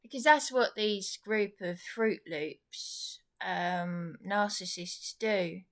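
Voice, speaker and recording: A woman's voice: mid-range voice, slow. A woman in an indignant, rambling venting monologue to camera, sarcastic as she goes. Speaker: vlogger.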